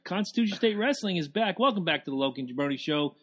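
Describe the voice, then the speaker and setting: A man's voice: high-pitched, lively intonation, fast. A man co-hosting a casual podcast, loose and joking, swearing freely in banter with his friends. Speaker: podcast co-host.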